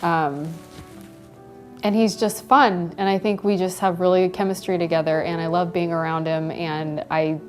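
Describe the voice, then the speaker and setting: A woman's voice: on the low side, fairly even intonation, normal speed, soft background music. A woman chatting casually about her engagement, laughing lightly between phrases with many ums and likes. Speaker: bride telling how she was proposed to. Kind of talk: casual personal storytelling to camera.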